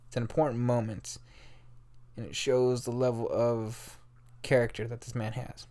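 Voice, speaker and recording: A man's voice: mid-range voice, little pitch movement, moderate pace, warm tone. Rambling young man telling history. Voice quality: rambling, swears freely, talks straight to listeners. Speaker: history podcast host. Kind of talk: casual history storytelling.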